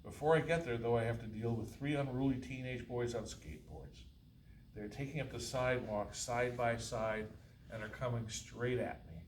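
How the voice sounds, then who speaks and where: A man's voice: medium pitch, normal speed. A man reading his own first-person novel aloud at a college faculty reading, with a dry, wry delivery. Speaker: author reading his fiction. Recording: roomy, distant, faint hiss.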